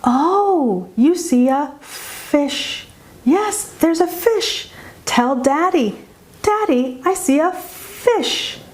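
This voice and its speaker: Brief: animated mother playing with a toddler, pitched up and sing-song, slow and exaggerated, as a woman puts her on. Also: exaggerated voice. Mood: encouraging.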